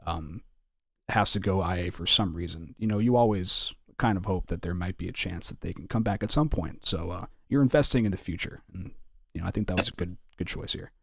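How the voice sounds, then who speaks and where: A man hosting a live online draft stream, with relaxed, upbeat announcer patter. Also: sits low, a little fast, creaky, husky, dry recording, studio quality. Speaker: draft host.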